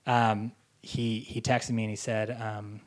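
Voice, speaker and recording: A man telling a long story in casual chat, rambling and animated, with many fillers. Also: fairly low pitch, unhurried. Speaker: guest, film associate producer.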